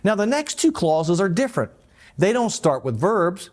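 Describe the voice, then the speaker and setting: A man teaching a Bible lesson as pastor, explaining and animated, with light asides. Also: high voice, moderate pace. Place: church.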